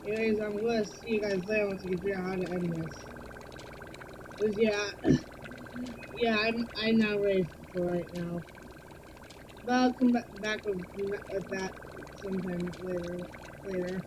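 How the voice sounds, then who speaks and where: A woman's voice: mid-range voice, steady tone, moderate pace, long pauses, noisy background. A woman streaming a video game live, chatting casually and breaking into nervous, jumpy exclamations.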